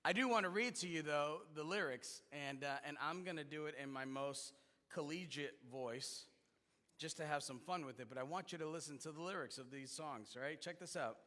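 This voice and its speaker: A man's voice: fairly high pitch, normal speed, bright, forceful tone. A male pastor preaching a sermon in a conversational, joking manner, with fillers and restarts. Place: church sanctuary. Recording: long reverb in a church hall.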